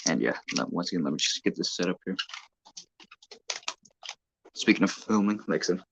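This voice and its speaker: A toy-train hobbyist filming at home talks expressively at normal speed in a deep voice with vocal fry during a casual phone live-stream. He rambles and corrects himself often, while heavy background noise fills the dull lo-fi phone audio.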